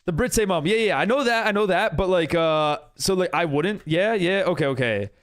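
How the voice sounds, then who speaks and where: A man's voice: sits high, lively intonation, moderate pace, fairly bright tone. An American man chatting casually on a live game stream, reading and answering his chat as he builds. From United States.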